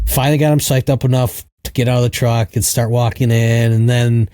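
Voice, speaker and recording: A man's voice: medium pitch, fairly even intonation, fairly quick, dark tone, clear, resonant tone, no echo, clean studio sound. A man in his thirties, a podcast co-host, telling a rambling, casual story with lots of fillers.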